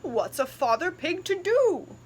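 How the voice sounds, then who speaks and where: A woman's voice: very high voice, big pitch swings, unhurried, a little hiss or hum, pitched above the performer's own voice, full character voice. A woman voicing a father pig in a picture book, in a mock-gloomy manner. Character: grumbling father pig, adult male.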